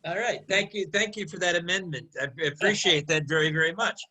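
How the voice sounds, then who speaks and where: Man, high voice, bright tone, discussion leader, animated questioning, video call. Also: brisk, poor audio. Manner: questioning, animated, invites others to speak. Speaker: discussion leader and Hebrew teacher. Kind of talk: casual group discussion.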